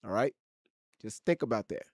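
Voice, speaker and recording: A man's voice: fairly low pitch, lively intonation, moderate pace, husky, no room sound. Profane livestream host man, very dry sound. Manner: loud, profane, teasing viewers in the chat. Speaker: livestream host reading chat. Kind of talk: casual livestream commentary.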